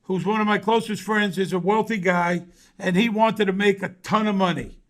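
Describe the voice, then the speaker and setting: A man's voice: high-pitched, fairly even intonation, normal speed, fairly bright tone. A middle-aged man being interviewed over a video call, chatting in a rambling way full of filler phrases. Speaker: actor guest. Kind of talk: casual interview chat.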